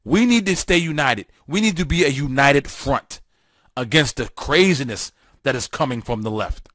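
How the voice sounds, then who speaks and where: A man hosting a political talk show delivers a fiery, emphatic solo monologue packed with repetition and stammered restarts. His mid-range, slightly bright voice has lively intonation at normal speed, recorded cleanly in a studio with no room sound.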